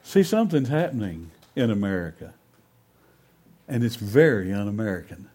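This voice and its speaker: A man's voice: on the low side, very animated, moderate pace, a little mellow. A man preaching a sermon, telling a fable in a folksy, emphatic way before making his points.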